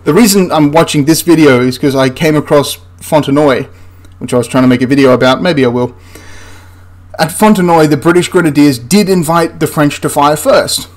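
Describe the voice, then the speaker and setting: A man's voice: a little high, normal speed. A man giving casual commentary over film clips as a history commentator, sarcastic and exasperated, laughing in disbelief.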